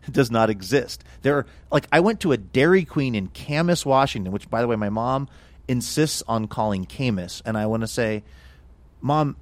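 A man with a mid-pitched voice tells casual stories on a podcast, slipping into quoted voices. The sound is dry and close. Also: moderate pace, no room sound. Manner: animated anecdotes with voiced quotes. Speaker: podcast co-host. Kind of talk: casual storytelling.

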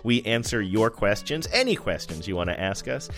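A man co-hosting a podcast, chatting in an animated, rambling way. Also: on the low side, normal speed, soft background music. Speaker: podcast co-host. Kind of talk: casual chat.

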